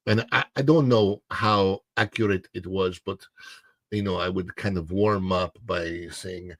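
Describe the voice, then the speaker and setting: A man's voice: fairly low pitch, normal speed, no room sound. A middle-aged man hosting a casual livestream, chatting and reading viewer comments aloud. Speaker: livestream host.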